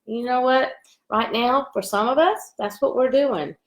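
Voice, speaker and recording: A woman teacher reading a picture book aloud to young children at home, gentle and encouraging, stopping to ask them questions. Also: a little high, measured pace. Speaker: elementary school teacher.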